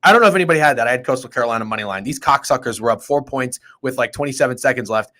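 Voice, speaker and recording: A man hosting a sports betting show, talking in an excitable, profane, rambling way. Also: medium pitch, rapid-fire. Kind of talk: casual sports betting chat.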